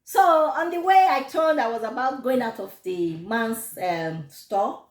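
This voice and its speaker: Woman, Nigerian accent, casual storytelling, high and swooping voice. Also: a little slow. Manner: animated, laughs often, gives advice. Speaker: vlogger telling a storytime. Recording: echoey room.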